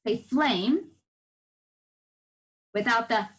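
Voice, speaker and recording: On a rough recording, a fairly high-pitched female teacher leads first graders through a reading lesson on television. She speaks slowly and brightly, patiently encouraging them while walking through word sounds.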